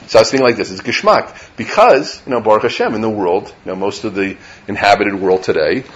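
Middle-aged rabbi teaching with lively banter. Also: male voice, fairly low pitch, brisk, dull audio. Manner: conversational, checks in with listeners by asking "right?"; lively, mixes in Hebrew and Yiddish terms. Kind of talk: informal Torah lecture. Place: lecture room with a live audience.

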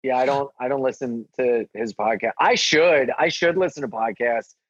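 A man, a stand-up comedian, telling a story in casual chat and acting out the quotes in a higher voice. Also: moderate pace, muffled recording, slight background noise. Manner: animated, acts out quotes in a higher voice.

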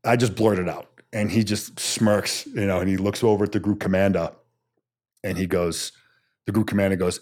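A man's voice: sits low, normal speed. A man in his thirties, a soldier being interviewed, telling stories bluntly and acting out the quotes. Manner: animated storyteller who acts out quotes, blunt and salty. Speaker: podcast guest, Army special forces soldier. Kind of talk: storytelling in a casual interview.

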